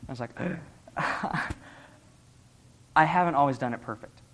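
A man's voice: medium pitch, measured pace, fairly bright tone. A young man giving an earnest, conversational sermon, laughing often as he talks. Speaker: lay preacher.

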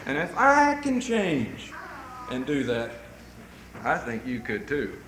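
A man preaching a sermon to a congregation, telling folksy stories in an animated way. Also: mid-range voice, slow, reverberant, noisy background.

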